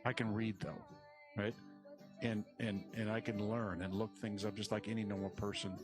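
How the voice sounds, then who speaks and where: Low-voiced man ranting over music. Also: moderate pace. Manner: animated, swearing, full of "you know". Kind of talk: podcast rant.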